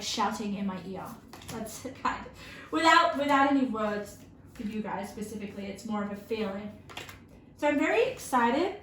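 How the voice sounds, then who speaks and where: A woman giving an intuitive tarot reading to her viewers, earnest and emotional, halting often with fillers and restarts. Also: a little high. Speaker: tarot reader. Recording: roomy with faint background hiss.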